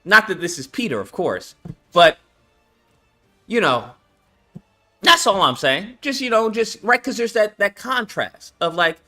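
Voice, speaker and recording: A young man talks casually on his channel about the game he is making. His voice is high and bright, and it swings widely in pitch. He uses lots of slang, swearing and fillers, with faint music underneath. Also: big pitch swings, a little slow, long pauses. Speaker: game developer and channel host. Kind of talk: casual livestream chat.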